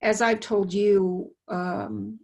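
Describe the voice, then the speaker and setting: A woman's voice: medium pitch, steady tone, extremely slow. Chatty woman hosting a casual talk. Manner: chatty, warm asides to listeners, musing. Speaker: host. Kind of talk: casual conversation.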